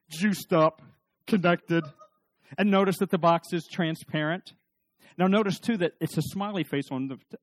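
A middle-aged man giving a humorous talk on marriage to a live audience, animated and joking, often restarting his sentences. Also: high-pitched, dry recording. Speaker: speaker on marriage.

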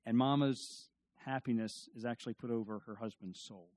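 A man preaching a sermon in a folksy, animated way, telling stories with quick asides and jokes. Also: medium pitch, no room sound. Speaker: pastor.

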